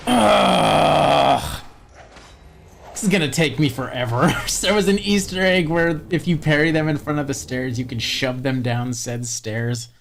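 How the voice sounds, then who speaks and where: A video game streamer giving casual gameplay commentary, animated, laughing often and swearing casually. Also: mid-range voice, a little slow, gravelly, slight background noise.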